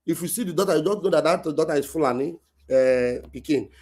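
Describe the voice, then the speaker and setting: A man hosts a call-in talk show in a slightly higher register. He chats casually and laughs often between his points. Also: fast talker, a little mellow. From Nigeria. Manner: laughs often, short backchannel hums. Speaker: host.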